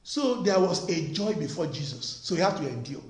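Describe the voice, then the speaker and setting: A male preacher delivers an emphatic sermon in a high voice. His pitch swings widely as he repeats his points and fires rhetorical questions. The sound rings in an echoey room. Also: animated, moderate pace.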